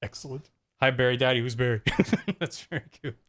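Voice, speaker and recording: A man's voice: mid-range voice, brisk. A man streaming and chatting casually about his own video, rambling with fillers and self-deprecating asides. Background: faint music.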